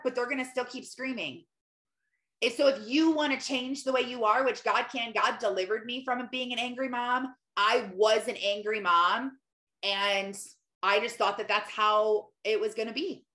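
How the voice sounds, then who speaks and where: A woman's voice: on the high side, a bit bright, reverberant. A woman in her thirties, a mother, giving a casual devotional talk, chatty, full of fillers and restarts, acting out her own prayers. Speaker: Christian mom content creator.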